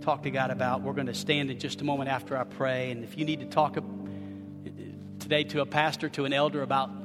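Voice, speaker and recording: A man preaching as a pastor, swinging from quiet, confessional talk to loud, shouted passages. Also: medium pitch, level tone, quick pace, long reverb tail, music in the background. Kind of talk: sermon.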